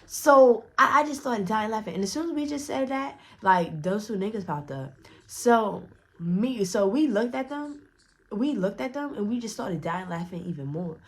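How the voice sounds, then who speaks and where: A young woman tells a casual storytime, rambling through slang with lots of restarts. Her voice sits at a middle pitch. She acts out quotes from friends as she goes. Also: lively intonation, moderate pace. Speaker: storyteller vlogger.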